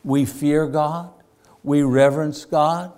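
A man preaching a sermon, slow and deliberate, rising to emphatic points. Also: a little high, steady tone, darkish tone. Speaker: pastor.

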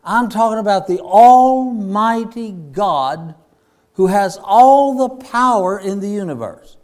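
A man preaching a sermon, slow and deliberate, rising to emphatic points. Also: high voice, lively intonation, a little mellow. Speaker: pastor.

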